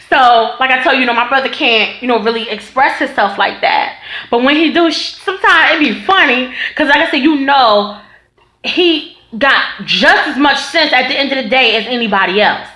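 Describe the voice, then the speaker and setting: Woman vlogger, lively and bright, foul-mouthed storyteller, roomy echo. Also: high voice. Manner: animated, profane, laughing storytelling. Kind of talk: casual storytime. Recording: echoey room.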